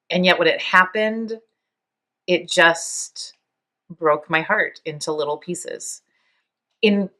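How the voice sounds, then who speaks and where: A woman in her fifties hosting a podcast, speaking in a reflective, halting way, close to tears and laughing softly now and then. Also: lowish voice. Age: 50s. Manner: soft, halting, near tears, with small laughs. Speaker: podcast host. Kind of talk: reflective personal monologue.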